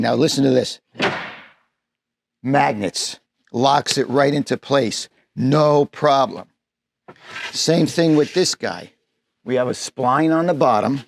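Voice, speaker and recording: Slow, folksy man showing a van build. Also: medium pitch, vocal fry, a little hiss or hum. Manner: folksy, plainspoken, demonstrating while talking. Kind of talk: hands-on build walkthrough. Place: inside a van.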